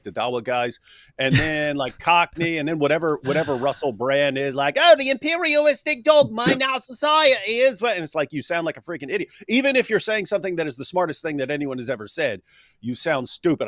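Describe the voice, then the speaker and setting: A man's voice: mid-range voice, fairly bright tone, dry recording, clean studio sound. A man co-hosting a casual livestream discussion, rambling and joking with frequent restarts. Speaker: co-host of livestream.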